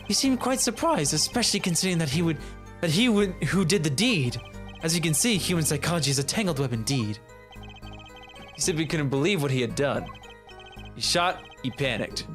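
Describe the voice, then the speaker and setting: A man voicing a calm, smug male murder witness in a fan-dubbed courtroom game, with lively pitch. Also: brisk, soft background music. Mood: composed.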